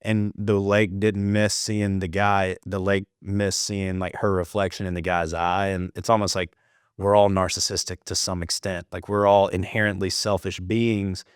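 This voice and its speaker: Relaxed male podcaster with a lower, deeper register, recorded dry and close, chatty and loose. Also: moderate pace, clean tone, no room sound. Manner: laid-back storyteller, calls people dude, swears casually. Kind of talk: casual podcast conversation.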